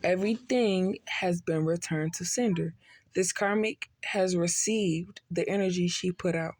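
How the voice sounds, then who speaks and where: A woman's voice: on the low side, a little slow, a little mellow. A tipsy woman giving a casual spiritual reading, blunt and profane, full of streetwise slang. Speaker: tarot reader.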